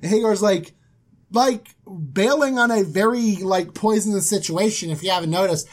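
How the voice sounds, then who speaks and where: A woman co-hosting a casual chat, retelling a Bible story in an animated, joking way and acting out the quotes. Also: medium pitch, normal speed. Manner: animated and joking, acts out quotes, laughs often. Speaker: podcast co-host.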